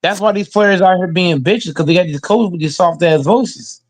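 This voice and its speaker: A man's voice: high-pitched, normal speed. A man hosting a casual sports reaction show, ranting emphatically and with heavy profanity. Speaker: host reacting to football news.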